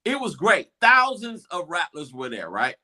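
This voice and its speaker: Male host, high-ish animated voice, excitable storyteller. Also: moderate pace. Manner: excited storytelling, acts out crowd reactions. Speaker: show host. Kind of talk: animated game recap.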